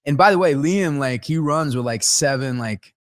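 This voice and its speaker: A man co-hosting a podcast, telling a story in a casual, animated way with lots of laughter. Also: fairly high pitch, moderate pace, no echo, clean studio sound. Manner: animated, laughs a lot, acts out voices in stories. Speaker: podcast co-host.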